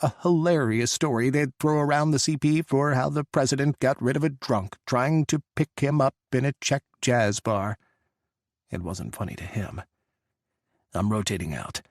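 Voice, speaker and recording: A man's voice: medium pitch, normal speed, no room sound. Dry, close male audiobook narrator.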